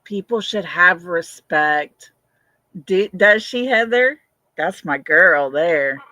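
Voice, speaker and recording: A woman's voice: lowish voice, lively intonation, takes it slowly, bright, forceful tone, dry recording. An older woman hosting a casual livestream, chatting, answering viewer comments and laughing often. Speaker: livestream host.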